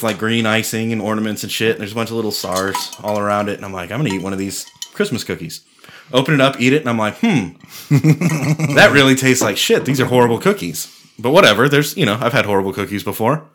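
A man's voice: lowish voice, animated, fast, fairly bright tone. A man chatting casually with friends, telling loose stories full of swearing and filler words. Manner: laid-back storyteller, swears freely, lots of "like". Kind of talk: casual chat.

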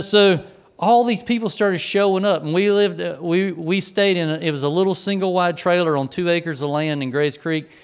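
A man's voice: a little high, clean tone. A male pastor telling a folksy, self-deprecating story from the pulpit during a sermon.

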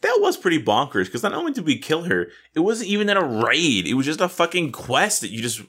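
A man co-hosting a casual gaming podcast, excitable and swearing freely. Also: fairly high pitch, brisk, breathy edge. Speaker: podcast co-host.

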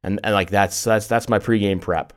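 A middle-aged man co-hosting a podcast, telling stories in an animated way with lots of restarts and laughs. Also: lowish voice, normal speed. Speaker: podcast co-host. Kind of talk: casual chat.

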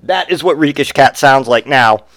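A man's voice: mid-range voice, normal speed, fairly bright tone, no room sound, clean studio sound. Profane, rambling male podcast host. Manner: rambling and profane, with frequent swearing. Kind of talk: casual storytelling monologue.

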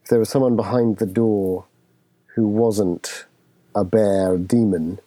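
Excitable male player, swearing. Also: lowish voice, slow pace. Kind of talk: tabletop role-play.

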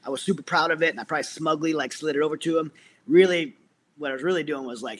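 A man's voice: a little high, very fast, a bit bright, slight background noise. A middle-aged man, a military veteran, earnestly telling his personal story as an interview guest, with many restarts.

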